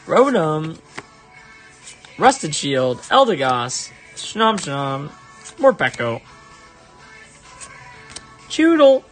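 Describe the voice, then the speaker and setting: A man chatting casually on a live stream while opening trading cards, excitable and prone to high exasperated yelps. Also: unhurried, soft background music. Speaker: live-stream card opener.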